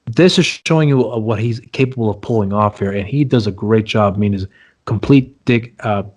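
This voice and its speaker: A man's voice: fairly low pitch, fairly quick, darkish tone. A man co-hosting a laid-back movie review podcast. He talks in a loose, rambling way and circles back over his own points. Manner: rambling, repeats himself, plugs socials. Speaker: podcast co-host. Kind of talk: casual movie review chat.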